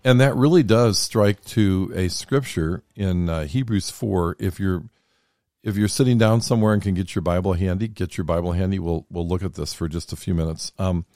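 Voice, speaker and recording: A man's voice: low-pitched, moderate pace, a little mellow, no echo. A man hosting a faith podcast in a studio, talking earnestly and reading scripture and commentary aloud. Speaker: podcast host.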